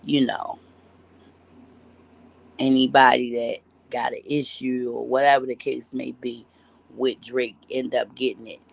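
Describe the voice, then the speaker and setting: A woman's voice: very deep voice, vocal fry, dry recording. A woman vlogger telling a story in casual commentary, blunt and profane, rambling with restarts and asides. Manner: profane, blunt and heavy on slang.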